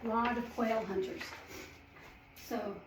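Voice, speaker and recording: A woman telling a Bible story in character as a first-hand witness, slow and emphatic, acting out the quoted voices. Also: on the high side, steady tone, background noise. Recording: roomy echo, mic at a distance.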